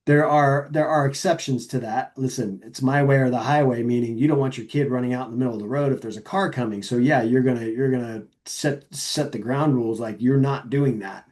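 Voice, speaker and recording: Mellow-voiced earnest middle-aged man. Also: mid-range voice. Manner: halting, many fillers and restarts; earnest, reflective. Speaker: podcast guest. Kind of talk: casual interview chat.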